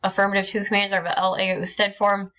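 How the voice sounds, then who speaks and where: Lady teacher walking thru a grammar lesson, bright clear voice, lots of ums. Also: medium pitch, monotone, a little fast. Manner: explains step by step, many ums and restarts. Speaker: Spanish teacher. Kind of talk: recorded classroom lesson.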